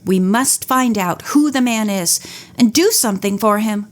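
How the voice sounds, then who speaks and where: A woman's voice: mid-range voice, moderate pace, close to an everyday voice. A woman voicing a self-possessed young woman detective who speaks firmly and decisively. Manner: firm, decisive.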